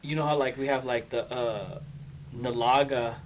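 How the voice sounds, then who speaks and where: A man's voice: mid-range voice, moderate pace, slight background noise. A man co-hosting a podcast, arguing a point in casual chat, with many fillers. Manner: argumentative, hesitant with fillers. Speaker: podcast co-host.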